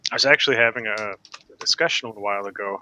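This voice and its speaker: A man's voice: fairly low pitch, rapid-fire, bright, forceful tone, a little hiss or hum. A man playing a game with friends, telling a rambling story in a casual, laid-back way. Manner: rambling, lots of fillers and restarts, laughs. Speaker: co-player.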